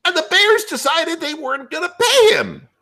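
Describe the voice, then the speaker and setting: Loud, profane, high-pitched ranting man. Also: lively intonation, normal speed. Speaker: podcast host. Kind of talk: ranting comedic sports talk.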